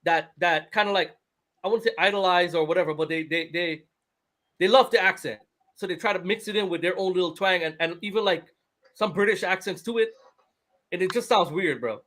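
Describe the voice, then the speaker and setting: High-voiced man chatting. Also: brisk. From Toronto, Canada. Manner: animated, repeats words when starting a thought. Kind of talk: casual chat.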